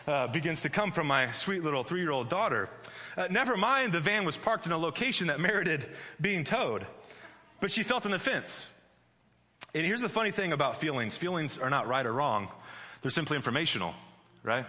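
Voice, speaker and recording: A long hall reverb carries a man's fairly high, bright, pushed voice as he preaches. He keeps things chatty and humorous, repeatedly restarting his sentences and leaning on "like."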